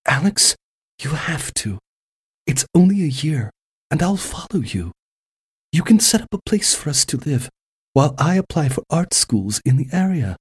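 A tender young woman in a storybook romance, softly spoken and devoted, as a man puts her on. Her voice sits higher and lighter than his own, with a husky, breathy edge. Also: big pitch swings, moderate pace, exaggerated voice. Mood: pleading. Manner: soft, raised pitch, gentle pleading.

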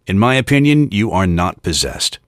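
A man voicing a calm elderly male exorcist priest who speaks in a measured, reassuring way. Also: deep voice, no echo, clean studio sound.

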